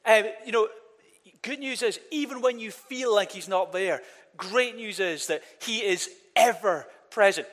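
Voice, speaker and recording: A man's voice: sits high, lively intonation, normal speed, fairly bright tone. A man preaching a sermon in an earnest voice, often repeating words and leading the congregation in call-and-response. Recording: long reverb of a church hall.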